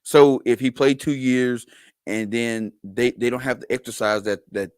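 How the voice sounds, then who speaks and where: A man's voice: medium pitch, normal speed, rough recording. A man co-hosting a podcast over a remote call, rambling and swearing in a casual sports chat. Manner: animated, rambling, profane. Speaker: podcast co-host.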